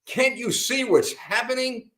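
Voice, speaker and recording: A man's voice: extremely high pitch, a little slow, fairly bright tone. An older man hosting a political commentary broadcast, emphatic and repetitive, often calling listeners folks. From United States. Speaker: host. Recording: roomy echo.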